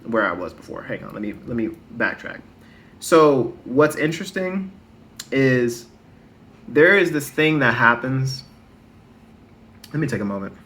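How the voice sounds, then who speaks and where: A man's voice: mid-range voice, sharp tone. A man hosting a podcast alone, talking in a rambling, conversational way, often restarting sentences and turning to lecture listeners with questions. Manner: emphatic and lecturing at times, asking listeners questions. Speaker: podcast host. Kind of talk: casual solo podcast monologue.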